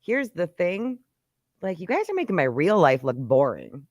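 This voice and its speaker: A woman's voice: fairly low pitch, sing-song, normal speed, a little mellow, dry recording, lo-fi sound. A woman hosting a podcast in casual chat, brash and joking, rambling with lots of fillers. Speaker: podcast host.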